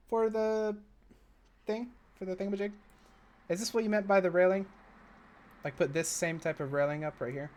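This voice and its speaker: Building a park in a game for a live audience, this man talks casually, meanders into side stories, and has sudden excited bursts. His voice is a little high.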